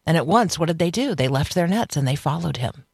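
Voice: mid-range voice, expressive, fairly quick, creaky, breathy edge, no echo, clean studio sound. A radio host giving an earnest devotional teaching, preaching with rhetorical questions.

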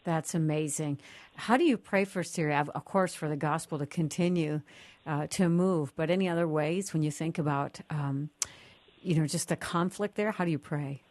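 A woman hosting an interview, speaking in a reflective way and thinking out loud. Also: deep voice, normal speed, dry recording. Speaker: host.

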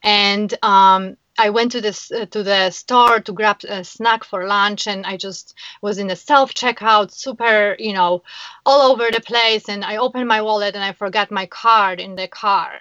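A woman's voice: medium pitch, fairly even intonation, a little slow, bright, forceful tone, clean tone, dry recording, dull audio. A woman guest in a casual interview, talking earnestly and emotionally, often restarting her sentences. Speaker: guest, founder of a kindness platform.

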